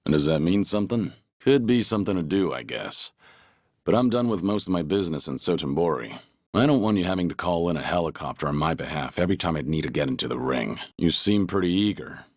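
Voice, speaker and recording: An actor voicing a stoic, gruff middle-aged ex-yakuza man in video game voice lines, terse and low-spoken. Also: expressive, fast, dry recording, clean studio sound. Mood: dry. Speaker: game character voice clips.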